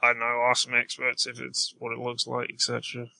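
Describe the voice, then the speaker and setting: A man's voice: mid-range voice, completely flat delivery, brisk, gravelly, pushed and bright, no room sound. A man playing in a tabletop game, talking in an exasperated way with sighs. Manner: exasperated, lots of sighs and "jeez". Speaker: player.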